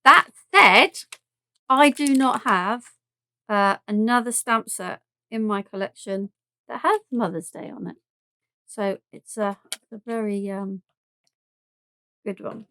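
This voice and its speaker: A woman's voice: medium pitch, steady tone, takes it slowly, long pauses, fairly bright tone, smooth, no room sound. A woman with a southern English accent chatting through a live craft demonstration, thinking aloud and joking at her own mess as she works. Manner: chatty and self-deprecating, thinking aloud while working.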